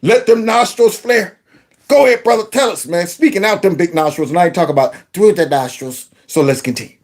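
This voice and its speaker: A man's voice: high-pitched, fairly quick. A man giving casual, folksy commentary as he reacts to news clips and talks back to them.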